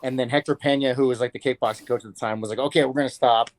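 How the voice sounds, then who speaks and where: Fast-talking man telling a story, dry sound. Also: medium pitch, steady tone, dry recording. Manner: loose, profane, acts out quotes. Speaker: fighter being interviewed. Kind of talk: casual storytelling.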